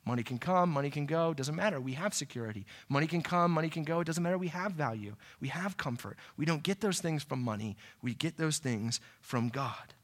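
A middle-aged man preaching a sermon in a conversational way, often checking in with "right?" and moving between loud emphasis and quiet asides. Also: fairly high pitch, lively intonation, a little fast, hardly any pauses. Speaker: pastor.

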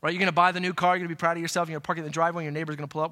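A middle-aged male pastor delivering a sermon in a high, bright voice. He talks to the congregation like a conversation, checking in with "right?" and dropping from loud, driving emphasis to soft, quiet asides. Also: level tone, racing.

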